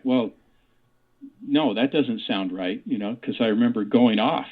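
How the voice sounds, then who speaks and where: A man in his sixties, an author and parapsychologist, rambles through a personal story as a guest on a radio interview, full of fillers and restarts. His mid-range voice moves at a moderate pace over a tinny phone line.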